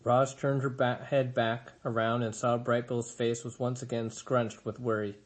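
A man reading a children's novel aloud in a steady, expressive storytelling manner. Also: mid-range voice, a little slow. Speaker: reader.

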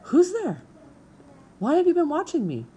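Woman performs a vain female opossum, high-pitched and theatrical. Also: huge pitch swings, normal speed, mellow. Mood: alarmed.

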